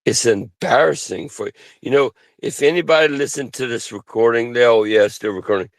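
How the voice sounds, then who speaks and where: Lecturing those around him, a man in a mid-range voice delivers an angry, profanity-laden rant full of grandiose threats, dragging his words out slowly. The recording has no room sound.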